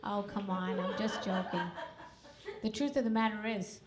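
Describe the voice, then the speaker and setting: A middle-aged woman tells crude, self-mocking jokes in a stand-up set, speaking at an ordinary pitch into a handheld stage mic. She was recorded live in a comedy club. Loud bursts of audience laughter roll in behind her. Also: steady tone, moderate pace, crowd noise.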